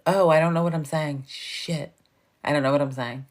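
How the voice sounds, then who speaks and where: A woman's voice: low voice, fairly even intonation, normal speed. A woman in her fifties, from New York, chatting casually with viewers on a livestream, laughing often and swearing freely. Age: 50s. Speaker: livestream host.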